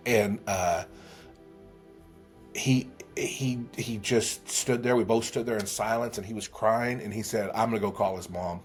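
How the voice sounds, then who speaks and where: A man telling a heartfelt story as a podcast guest, earnest, with many restarts. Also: medium pitch. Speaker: guest, memory trainer.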